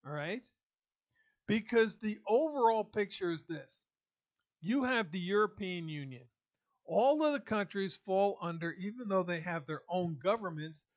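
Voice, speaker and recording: A man with a high voice delivers an indignant opinion monologue. He speaks emphatically, with pauses and restarts. The recording is dull and lo-fi. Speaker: political commentator. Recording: dull lo-fi audio.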